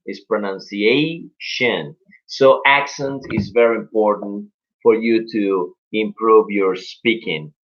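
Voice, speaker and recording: A young man gives an upbeat English lesson over a live stream, slowing down and drawing out the words he wants to stress. His voice sits in a middle pitch. The sound is a little dull and lo-fi. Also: a bit bright. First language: Spanish. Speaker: English teacher.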